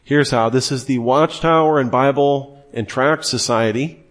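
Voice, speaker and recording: A man's voice: mid-range voice, unhurried. Man teaching with emphatic asides. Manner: conversational, acts out quoted voices. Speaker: Christian apologetics teacher. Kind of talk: lively teaching talk.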